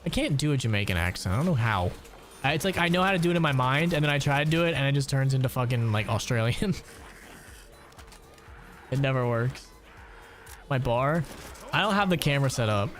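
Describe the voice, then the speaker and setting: A man's voice: mid-range voice, animated, brisk, long pauses, faint music behind. A young man streaming a game, chatting casually with a crude, joking manner, answering chat and laughing often.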